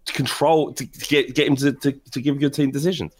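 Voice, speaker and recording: A man's voice: medium pitch, steady tone, a little fast, crowd noise. A man co-hosting a football podcast, bantering in casual chat and acting out voices for his jokes. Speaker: podcast co-host.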